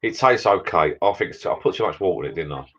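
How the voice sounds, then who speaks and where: A man's voice: deep voice, expressive, quick pace, fairly bright tone, lo-fi sound. A British man hosting a casual live chat with viewers, rambling chattily while drinking beer. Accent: British English. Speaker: livestream host chatting with viewers.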